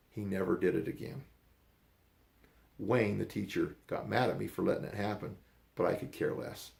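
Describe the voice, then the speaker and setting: A man's voice: fairly low pitch, normal speed, creaky, darkish tone. An older man casually telling a story in a rambling, blunt way, acting out what others said. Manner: rambling, blunt, acts out quoted voices.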